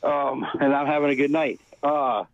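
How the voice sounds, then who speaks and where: A man's voice: medium pitch, fairly even intonation, moderate pace, gravelly, no room sound. A man calling in to review a beer, rambling loosely and chuckling after a long night of drinking. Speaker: caller. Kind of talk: casual phone-in beer review. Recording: tinny phone line.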